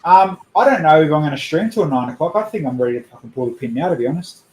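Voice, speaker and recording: A man's voice: on the high side, lively intonation, fast, roomy sound, slight background noise, low-quality recording. A young man hosting a casual livestream, blunt and sweary, joking as he goes. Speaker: streamer host.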